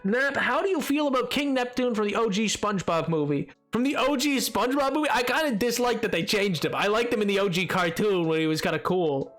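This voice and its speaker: A male streamer chatting casually with his viewers while playing, quick and a little defensive in his banter. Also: high-pitched, expressive, a bit bright, soft background music. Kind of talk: casual gameplay chat reading chat.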